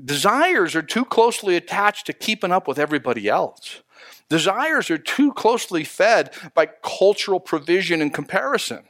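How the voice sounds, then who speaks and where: A man's voice: high voice, sing-song, a bit bright, no echo, studio quality. Man preaching in a casual, conversational way. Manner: conversational preaching, rhetorical questions, slows for emphasis. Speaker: pastor. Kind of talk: sermon.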